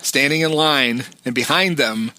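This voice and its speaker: A man's voice: medium pitch, unhurried, sharp tone, no room sound. A man co-hosting a podcast, casually recapping a film scene by scene. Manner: recounting scenes, quoting lines. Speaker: podcast co-host.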